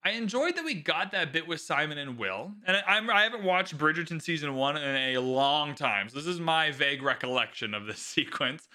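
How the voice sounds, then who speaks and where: Animated, bright-voiced podcast host. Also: male voice, a little high, a little fast, hardly any pauses. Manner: animated, swears freely, lots of likes. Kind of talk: casual solo podcast talk.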